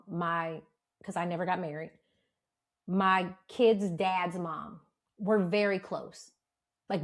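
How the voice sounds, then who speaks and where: A woman in her thirties co-hosting a podcast, chatting casually, laughing often and swearing freely. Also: lowish voice. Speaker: podcast co-host. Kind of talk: casual chat.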